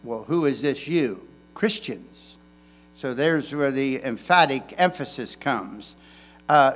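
Slow, folksy preaching man. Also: mid-range voice, animated, fairly bright tone. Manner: slow, folksy preaching with emphatic stresses and restarts. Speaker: pastor. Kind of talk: sermon.

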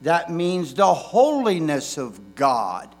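A man's voice: a little high, wildly swooping pitch, takes it slowly. A man pastor preaching a sermon in a folksy way, with emphatic stresses and frequent restarts.

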